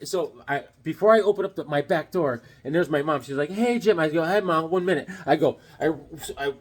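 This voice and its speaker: A middle-aged man chatting casually about his comic books, an animated storyteller who acts out voices as he goes. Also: on the high side, fairly quick. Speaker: comic book vlogger. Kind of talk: casual show-and-tell chat.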